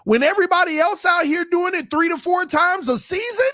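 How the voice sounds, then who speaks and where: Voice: very high-pitched, brisk, sharp tone, no echo, studio quality. A sports podcast host ranting heatedly to the live chat, making points emphatically and repeating them for emphasis. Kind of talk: livestream rant to the chat.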